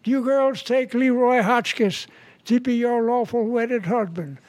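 A man in his nineties voicing a small-town preacher at a wedding, in slow, drawn-out joke delivery. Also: very high-pitched, no echo. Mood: solemn. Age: 90s. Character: small-town preacher marrying a crowd of brides.

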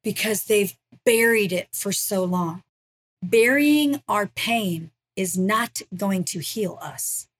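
A woman's voice: medium pitch, slow. A middle-aged woman, a ministry founder, telling her personal faith story as a guest in a podcast interview, earnest and emotional.

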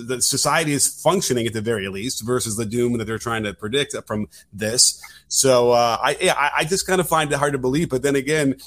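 A man's voice: medium pitch, fairly bright tone. Wry, casual man co-hosting a podcast. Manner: wry, casual, with frequent restarts and hedges. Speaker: podcast co-host. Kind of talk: political commentary podcast.

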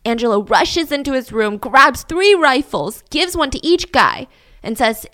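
A woman telling a story in a casual, animated way with wry asides. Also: high-pitched, a little slow.

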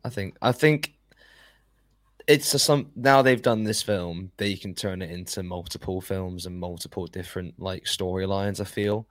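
A deep-voiced man talks casually as a podcast co-host. He reasons aloud in a relaxed way. The sound is dry, with no room around it. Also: moderate pace, no room sound. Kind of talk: casual chat.

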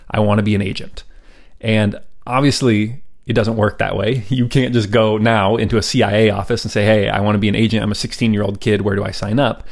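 Man, lowish voice, podcast host, casual storytelling, chatty asides, relaxed ums. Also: gravelly. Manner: conversational, with frequent ums and asides.

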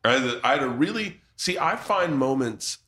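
A man's voice: mid-range voice, expressive, moderate pace, bright, forceful tone. A man hosting a casual chat in a pub, telling a family story with frequent laughter. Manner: storytelling, laughs often, restarts. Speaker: podcast host.

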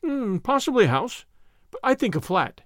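A man voicing a lively young woman who is playful and teasing, in a bright, coaxing manner. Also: very high voice, moderate pace, no echo, clean studio sound, pitched above the performer's own voice. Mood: dreamy.

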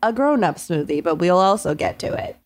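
A woman's voice: on the low side, big pitch swings, fairly quick. A woman co-hosting a podcast in casual chat, laughing often and swearing offhandedly. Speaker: podcast co-host.

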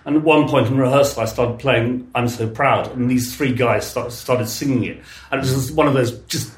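A man's voice: mid-range voice, moderate pace, echoey room. A man hosting a casual chat, reading old press clippings aloud with enthusiasm. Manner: enthusiastic, reads quotes with lively emphasis. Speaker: podcast host.

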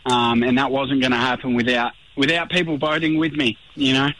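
An Australian man, a reality show contestant, chatting in a relaxed radio interview and saying "mate" often. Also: mid-range voice, brisk, rough recording. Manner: laid-back, says mate a lot.

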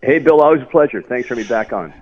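A man's voice: medium pitch, rapid-fire. A man, an industry association chief, speaking emphatically as a guest in a radio interview. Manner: animated, emphatic, repeats words. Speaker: real estate association CEO, guest. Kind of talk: phone-in interview. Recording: tinny phone line, dry.

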